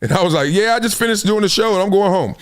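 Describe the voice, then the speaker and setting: Animated, high-pitched man telling stories. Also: rapid-fire. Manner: storytelling, swings between big high bursts and low asides, laughs often. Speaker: show host. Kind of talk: animated solo commentary.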